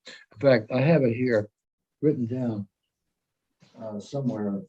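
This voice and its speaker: A man's voice: mid-range voice, measured pace, warm tone, slightly rough, highs cut off. An older man talking over a video call as a guest speaker, earnest and emphatic, wandering through thoughts with frequent restarts. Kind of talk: conversational video-call talk.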